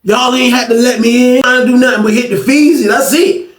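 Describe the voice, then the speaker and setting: Man putting on a high-pitched, hot-headed little guy, repeats himself, defiant, echoey room. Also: fairly quick, a bit bright. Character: short, touchy, combative young man. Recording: roomy sound from a distant mic.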